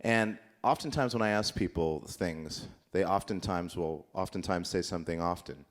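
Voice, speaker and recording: A man with a notably deep, low-pitched voice delivers an improvised comedy monologue from a conference stage. He rambles and loops back on his own sentences in a mock-earnest, absurdist way, as if giving sincere advice. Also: moderate pace. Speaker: comedic musician performing on stage.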